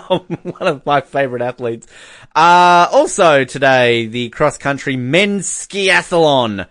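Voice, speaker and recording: A man hosts a casual sports podcast, joking and laughing as he goes. His voice is bright and swings widely in pitch. The sound is dry and close. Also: lively intonation, takes it slowly, dry recording. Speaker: podcast host.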